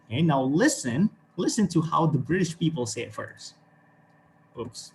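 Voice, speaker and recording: A man's voice: fairly high pitch, very animated, moderate pace, gravelly, a little mellow, a little hiss or hum. A man from Indonesia with an Indonesian accent, teaching an online English class with encouragement, often checking in with "okay" and "right". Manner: encouraging, repeats words, frequent okay and right.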